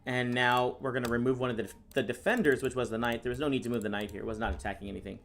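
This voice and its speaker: Deadpan sarcastic chess streamer, a man. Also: mid-range voice, racing, gravelly. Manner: casual, deadpan sarcastic, reads chat questions aloud and answers them. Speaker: chess streamer and National Master. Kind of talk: live-stream commentary while playing.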